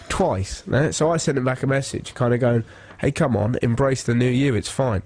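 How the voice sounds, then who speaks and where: A man's voice: medium pitch, normal speed, few pauses, a little mellow, no echo. Giggly, teasing male radio host. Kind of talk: casual radio banter.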